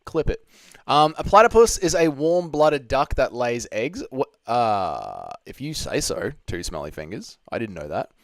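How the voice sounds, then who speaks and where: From home, a man hosts a casual livestream, reading viewer questions from chat aloud and riffing on them with jokes. His mid-range voice swings widely in pitch at a slightly slow pace, recorded at studio quality with no room sound.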